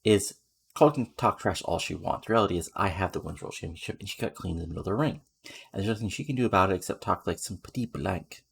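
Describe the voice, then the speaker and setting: A man's voice: sits low, fast, gravelly, slightly rough, heavily acted. A man voicing a boastful female wrestling champion with an attempted French accent. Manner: boastful, dismissive.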